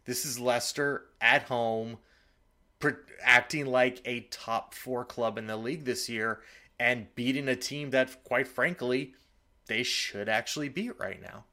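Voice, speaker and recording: A man's voice: mid-range voice, a little slow. Man recapping football scores, casual. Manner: steady recap with filler ums. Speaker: podcast co-host. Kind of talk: casual sports chat.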